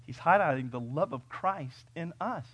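A man's voice: fairly high pitch, expressive, normal speed, breathy edge, no echo, highs cut off. Impassioned male preacher from California. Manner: impassioned, swinging between loud peaks and quiet asides; conversational storytelling with fillers and restarts. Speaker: pastor. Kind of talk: sermon.

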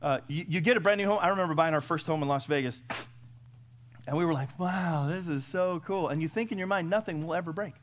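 Fast and fairly high in pitch, this middle-aged male pastor delivers a folksy sermon. He fires off rhetorical questions one after another and moves from booming to quiet.

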